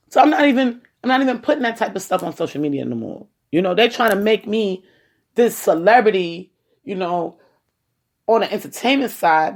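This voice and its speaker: A woman with a New York accent, an activist giving a casual, rambling podcast monologue and often saying "you know". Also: medium pitch.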